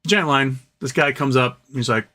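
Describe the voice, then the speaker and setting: A man's voice: mid-range voice, moderate pace, sharp tone. Man, live show host, casual storytelling, rambling, swears a lot, repeats lines for effect.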